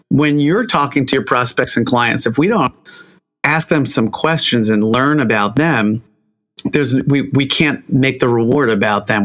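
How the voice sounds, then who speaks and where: A man's voice: medium pitch, fairly bright tone. A man who works as a media trainer, a guest on an interview, telling stories to make his points in a coaching way. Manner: coaching, storytelling with emphasis. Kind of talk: conversational interview.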